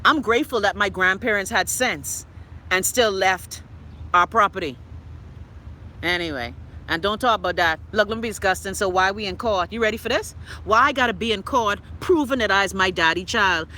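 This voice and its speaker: A Bahamian woman hosting a live stream, reading viewers' comments and ranting loudly and profanely. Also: medium pitch, normal speed, a little hiss or hum. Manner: loud, profane, exclaiming ranting. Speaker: livestream host.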